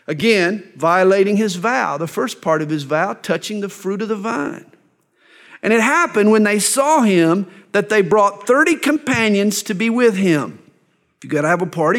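A middle-aged male pastor teaching a sermon verse by verse, reading scripture and breaking into folksy, joking asides. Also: a little high. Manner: jokey, folksy asides between read verses.

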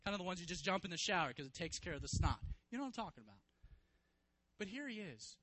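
Preacher man swinging hushed to loud. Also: sits high, very animated, fast talker, no echo, low-quality recording. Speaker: pastor. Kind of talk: sermon storytelling.

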